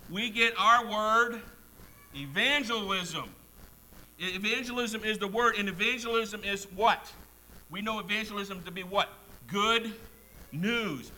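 A man's voice: sits high, a little slow, pauses often, bright, forceful tone, rough recording. A man preaching a sermon, emphatic, repeating key words and putting questions to the congregation. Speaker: pastor.

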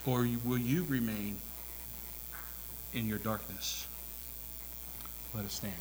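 A man preaching a sermon in a church, swinging between hushed whispers and loud, climactic calls. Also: mid-range voice, takes it slowly, noisy background. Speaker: pastor. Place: church sanctuary.

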